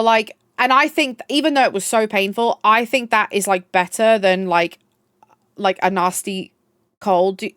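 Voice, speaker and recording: A woman's voice: a little high, fairly bright tone, smooth, no room sound, clean studio sound. A young woman live streamer chatting casually with her viewers, bubbly and gushing, swearing freely. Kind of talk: casual chat.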